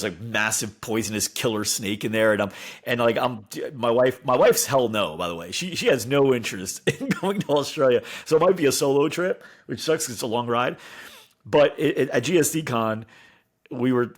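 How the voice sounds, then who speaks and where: Man, American, podcast host, low voice, casual chat. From United States.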